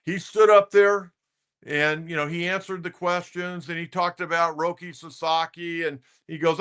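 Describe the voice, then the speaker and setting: A man's voice: fairly high pitch, fairly even intonation, moderate pace, a bit bright, clean tone. A man hosting a sports talk podcast, who talks bluntly and conversationally and repeats himself for emphasis. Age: older.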